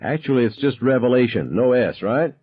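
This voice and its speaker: A man voicing a frantic teenage gunman who shrieks his questions in high, shrill bursts. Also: animated, fairly quick, slightly rough. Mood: shrill, menacing. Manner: high, shrill interrogating shouts. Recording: dull lo-fi sound.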